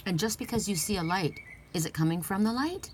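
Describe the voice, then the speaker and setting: A woman's voice: mid-range voice, animated, a little fast, a little hiss or hum. A middle-aged woman giving an earnest, heartfelt oracle card reading, emphatic and casual.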